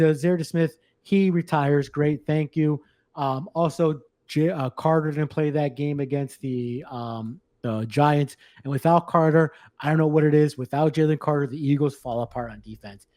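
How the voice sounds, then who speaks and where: A man's voice: a little high, warm tone, dry recording. A man co-hosting a sports podcast in casual chat, rambling and blunt, with lots of restarts. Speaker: podcast co-host.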